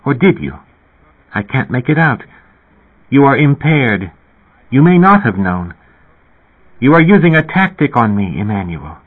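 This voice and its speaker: A man reading a calm, cryptic young woman in a raised voice, cool and lightly teasing, through a narrow-band radio sound. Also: mid-range voice, a little slow, pauses often, husky, pitched above the performer's own voice.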